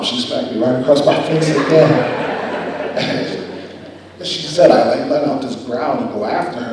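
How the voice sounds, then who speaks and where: A young man giving a guest speech, telling a personal story with animated, acted-out quotes. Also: mid-range voice, noisy background. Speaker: guest speaker. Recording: echoey hall from far off.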